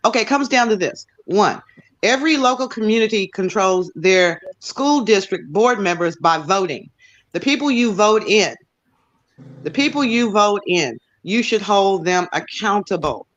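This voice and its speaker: A woman's voice: mid-range voice, expressive, measured pace. American woman arguing on a podcast, makes her points one by one, dull lo-fi sound. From United States. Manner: argumentative, explains in numbered points. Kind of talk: heated panel discussion.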